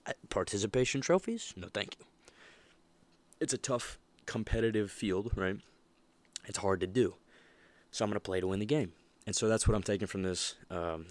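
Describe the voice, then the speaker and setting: Deep-voiced young man hosting a podcast. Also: no room sound. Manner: animated, emphatic, laughs often. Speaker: podcast host. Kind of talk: casual motivational monologue.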